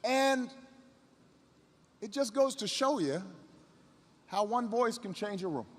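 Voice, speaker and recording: A man's voice: sits high, expressive, slow pace, noisy background. A man in his fifties giving a motivational speech as a story, building it with repetition and rising emphasis. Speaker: public speaker. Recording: long hall reverb.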